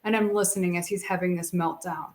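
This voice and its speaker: A woman's voice: on the low side, quick pace. A middle-aged woman guest telling personal stories with feeling, acting out what people said. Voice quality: expressive, animated storyteller who acts out quotes. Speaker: guest, speaker and coach. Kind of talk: emotional personal storytelling.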